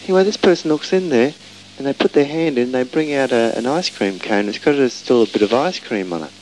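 A man's voice: mid-range voice, animated, fairly quick, a little mellow, faint music behind, rough recording. A man telling a casual, meandering travel anecdote. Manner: rambling, meandering storytelling.

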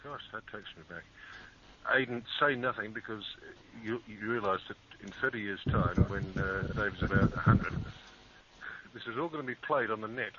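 Man, low voice, teasing and self-mocking, muffled and hissy. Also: moderate pace. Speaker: radio show co-host. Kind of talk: joking casual chat.

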